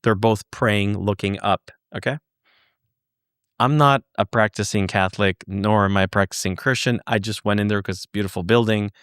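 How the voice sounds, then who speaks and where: Podcast guest, male, lowish pitch, dry recording, animated storyteller. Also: moderate pace, clear, resonant tone, dry recording. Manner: animated anecdote with quoted dialogue. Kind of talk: casual storytelling.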